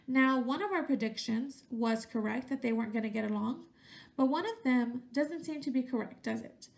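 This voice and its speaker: A woman's voice: high-pitched, normal speed, vocal fry. A woman teacher reading a picture book aloud to young children, stopping to ask questions and using voices for the characters.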